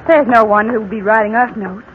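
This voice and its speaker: A woman's voice: a little high, natural voice. A woman playing a cold, mocking vengeful wife. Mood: cool. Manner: calm, taunting, slow and deliberate. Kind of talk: 1940s radio acting. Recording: tinny old radio broadcast, faint hiss.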